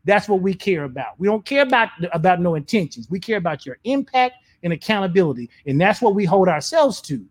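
A man's voice: high voice, sing-song, brisk, few pauses. A man speaking as a pastor in a church talk, fervent and emphatic. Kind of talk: sermon-style church talk.

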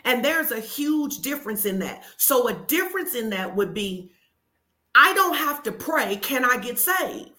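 Female pastor, slightly high and bright, direct and urgent in conversational preaching. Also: sing-song, a little slow. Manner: forceful, urging listeners directly. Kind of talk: conversational sermon.

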